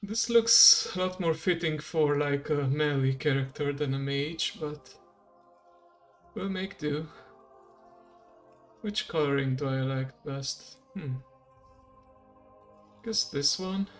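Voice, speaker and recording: A game streamer giving relaxed, rambling commentary while playing and chatting with viewers. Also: medium pitch, takes it slowly, long pauses, soft background music. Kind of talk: casual gameplay commentary.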